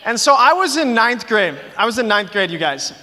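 A young man preaching to a youth group, telling stories in an animated way, full of "like" and "you guys". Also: very high voice, moderate pace. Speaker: youth pastor. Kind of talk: youth sermon. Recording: long reverb of a big hall.

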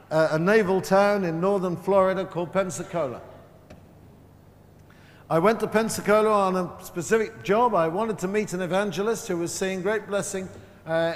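A man preaching a sermon at a Christian conference, emphatic and slowing down to stress key words. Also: high-pitched. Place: large hall at a Christian conference. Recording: live sermon with long hall reverb.

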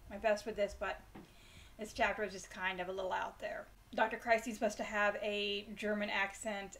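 A woman hosting a bedtime story channel, chatting casually and self-deprecatingly before reading a chapter aloud. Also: medium pitch. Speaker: storyteller host.

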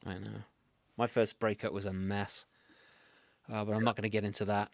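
A man's voice: lowish voice, level tone, normal speed, vocal fry. A man from England, hosting a casual interview over a remote call, chatty and laughing often as he tells stories. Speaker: podcast host. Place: home, remote video call.

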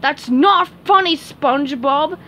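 A woman's voice: very high voice, animated, normal speed, a little hiss or hum, voice pushed up. A woman voicing a spirited young female squirrel in a storybook reading, emphatic. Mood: upset.

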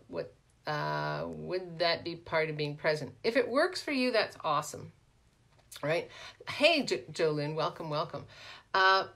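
Woman, middle-aged, life coach, casual live-stream talk, animated, lower-pitched. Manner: animated, peppered with "right?", greets viewers by name.

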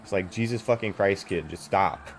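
A man's voice: low voice, moderate pace, a little hiss or hum. A man streaming a video game, talking in a rambling, profane way full of fillers as he plays. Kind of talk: casual gameplay commentary. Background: faint game music.

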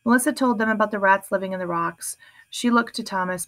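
A woman narrating a first-person audiobook in a steady, measured way. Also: mid-range voice.

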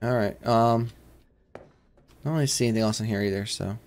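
A man hosting a let's-play of a horror game, rambling along and shouting whenever he is startled. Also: on the low side, brisk. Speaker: gaming channel host.

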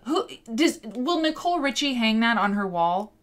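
A woman in her thirties hosting a quilt livestream, animated and exasperated, with sarcastic asides. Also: a little high, moderate pace. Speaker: quilt show host. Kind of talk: livestream talk. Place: home studio with green screen.

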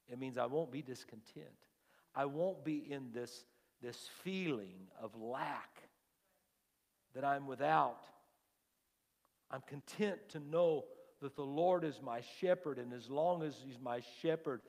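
Slow-preaching man in a reverberant church. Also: mid-range voice. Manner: slow storytelling, trailing off softly then rising to fervent emphasis. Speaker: lead pastor. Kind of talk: sermon. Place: church sanctuary. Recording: long church-hall reverb.

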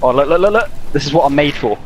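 A man hosting casual gaming chat with friends, playful and excitable, laughing a lot. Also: a little high, fast, slight background noise, rough recording. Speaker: gaming channel host.

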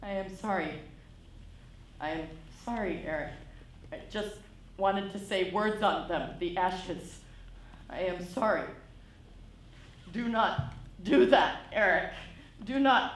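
A woman's voice: mid-range voice, takes it slowly, long pauses, recorded from a distance, close to an everyday voice. An actress playing a fragile, anxious lonely woman in a live stage play, pleading and prone to sobbing outbursts. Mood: apologetic. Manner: pleading, breaking into sobs and outbursts. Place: theatre stage. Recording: roomy theatre stage sound.

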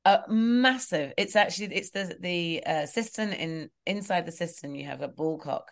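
Chatty lower-voiced woman giving home advice. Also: moderate pace, vocal fry. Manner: chatty, rambling, explains with self-corrections and laughs. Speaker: guest property expert. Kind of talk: casual interview advice.

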